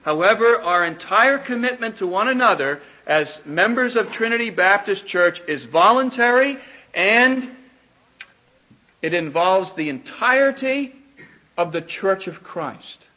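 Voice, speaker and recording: A man teaching a church congregation, speaking deliberately, restarting phrases and putting questions to his listeners, on a dull lo-fi recording. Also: high-pitched, animated, pushed and bright. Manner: deliberate, repeats words, questions the audience. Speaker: pastor teaching a church class.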